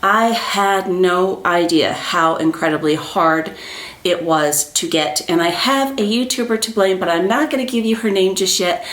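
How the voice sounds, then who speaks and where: A woman with a Southern US accent hosting an excited unboxing vlog, giddy and breathless and repeating her exclamations. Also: lowish voice, normal speed, reverberant. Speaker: YouTube host. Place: small room at a little desk, indoors.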